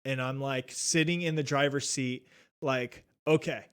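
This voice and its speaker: A young man casually telling a travel story, animated and swearing often, acting out what people said. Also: mid-range voice, measured pace, clear, resonant tone. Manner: animated, swears a lot, acts out quotes. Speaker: podcast guest.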